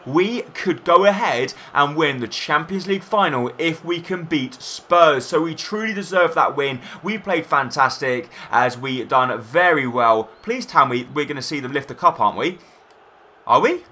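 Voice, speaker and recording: A young man commentating his own football video game match, shouting in bursts at goals and misses. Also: on the high side, animated, normal speed, hardly any pauses. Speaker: gaming YouTuber.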